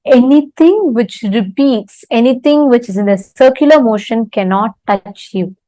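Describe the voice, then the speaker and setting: A woman's voice: fairly high pitch, warm tone, no room sound, rough recording. Woman spiritual teacher, paced parable-telling talk, dry close sound. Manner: unhurried, pausing often, telling a story with acted-out quotes. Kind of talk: live online spiritual discourse with a parable. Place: temple.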